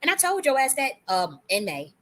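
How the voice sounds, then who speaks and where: A woman's voice: high voice, wildly swooping pitch, a bit bright, a little hiss or hum. Angry woman ranting with a cold. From United States. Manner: angry, profane, rapid-fire ranting with restarts. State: has a cold. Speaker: livestream host. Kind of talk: heated monologue on a livestream.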